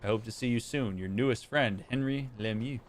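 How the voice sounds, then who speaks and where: A man's voice: medium pitch, fairly quick, voice pushed down, close to an everyday voice. A man reading a letter aloud in a mock-formal voice, playing a stuffy old-world politician.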